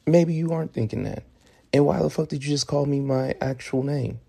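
A man's voice: medium pitch, brisk, vocal fry, warm tone, husky. A young man hosting his own podcast, talking casually in a loose, profane way and often stumbling over repeated words. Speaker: podcast host. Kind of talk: casual solo podcast monologue.

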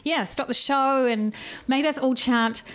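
A woman with a New Zealand accent telling travel stories in a lively, chatty way on a podcast. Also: high voice. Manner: lively, chatty storyteller, quick and laughing. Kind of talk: casual chat.

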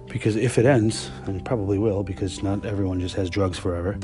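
A man hosting a podcast, telling stories in a casual, blunt and profane monologue. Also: on the low side. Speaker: podcast host.

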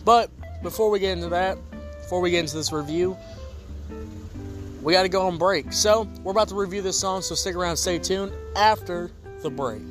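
A man with a somewhat raised pitch hosts a casual music review show. He talks in a laid-back, joking, rambling way, full of fillers and asides. Faint music plays behind him. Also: a little fast.

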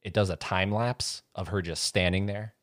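A man's voice: low voice, steady tone, moderate pace, fairly bright tone, no room sound, clean studio sound. A man in casual chat, rambling as he retells a scene and acts out voices. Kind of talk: casual chat about horror movies.

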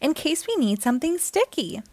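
A woman's voice: high-pitched, sing-song, moderate pace, a little mellow, no echo, pitched above the performer's own voice. A woman reading aloud and voicing an eager young male cartoon secret agent, asking earnest questions in a storybook reading. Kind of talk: children's read-aloud.

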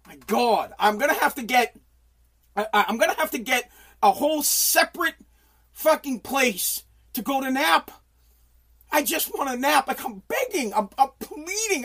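A middle-aged American man rants on a casual livestream from his home basement, profane, exasperated and pleading. His very high voice is expressive and unhurried, fitting the role of livestream host.

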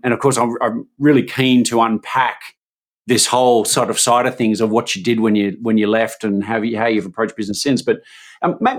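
An Australian man hosting a business podcast. He speaks earnestly, often restarting his phrases as he frames the questions. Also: mid-range voice. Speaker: podcast host. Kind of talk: podcast introduction and interview.

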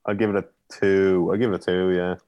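A man's voice: low-pitched, flat delivery, fairly quick, lo-fi sound. A man co-hosting a casual film chat, enthusiastic, often asking "you know what I mean" and laughing. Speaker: podcast co-host reviewing films.

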